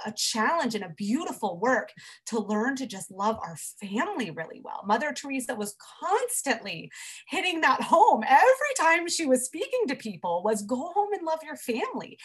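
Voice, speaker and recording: A woman in her thirties talks about faith with earnest warmth, her voice sitting on the higher side. She tells stories at an easy conversational pace and often circles back to restart a sentence. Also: husky. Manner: earnest, warm storytelling with frequent restarts. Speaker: guest, children's author.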